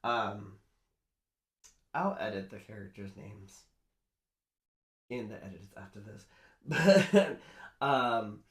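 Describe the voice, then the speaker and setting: A man's voice: on the low side, lively intonation, takes it slowly, long pauses. A man nervously recapping a horror novel in a casual chatty way, rambling with lots of fillers and restarts. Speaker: book reviewer doing makeup. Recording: roomy echo.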